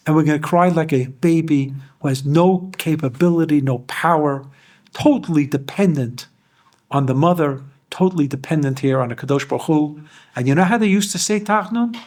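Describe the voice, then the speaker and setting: A man's voice: a little high, darkish tone. A rabbi giving a Torah lecture to a class. He explains Hebrew verses line by line and asks his listeners questions.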